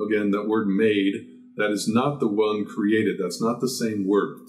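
A man preaching a Bible teaching sermon, explaining verses step by step with rhetorical questions and emphatic rises in pitch. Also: steady tone, measured pace, darkish tone.

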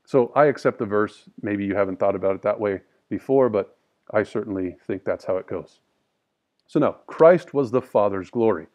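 A man teaching a scripture study. He reads verses slowly and with emphasis, then explains them in plain, casual talk. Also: fairly low pitch, a little mellow, dull audio. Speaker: Bible teacher.

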